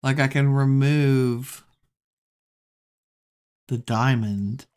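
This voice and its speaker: A woman giving relaxed gameplay commentary, musing to herself as she plays. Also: very deep voice, drawn-out words, clear, resonant tone. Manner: musing, talks to herself while playing. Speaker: gameplay streamer.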